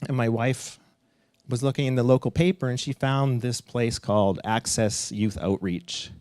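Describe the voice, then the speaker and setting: A middle-aged man telling a personal story live on stage, animated and swearing at times, leaping up in pitch as he acts out what people said. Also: moderate pace, clean tone, no echo, studio quality. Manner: animated, acts out quotes with big pitch jumps, laughs and swears.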